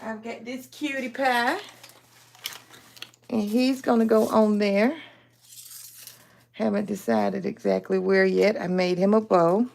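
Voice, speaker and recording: A woman's voice: medium pitch, steady tone, takes it slowly, creaky, long pauses, darkish tone. A woman, hosting a casual live stream, telling folksy stories and acting out other people's lines while she crafts. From Aliquippa, Pennsylvania. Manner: chatty storyteller who acts out other people's lines; folksy, calls listeners honey.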